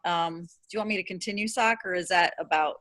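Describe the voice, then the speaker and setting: A woman on a video call, jumping in with brisk, direct sales tips. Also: fairly low pitch, fairly bright tone.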